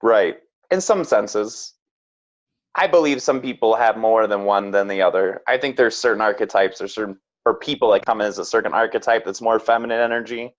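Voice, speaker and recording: A man's voice: on the low side, a little fast. Earnest man on a dull lo-fi line. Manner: earnest, frank, lots of "like" and "right?". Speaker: podcast guest. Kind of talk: casual reflective chat. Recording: slightly dull lo-fi sound.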